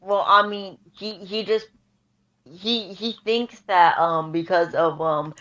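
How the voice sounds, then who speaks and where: A woman chiming in casually on a fan story, halting with "um" and swearing now and then. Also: fairly low pitch, fairly even intonation, a bit bright. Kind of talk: casual fan-fiction chat. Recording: echoey lo-fi mic with faint hiss.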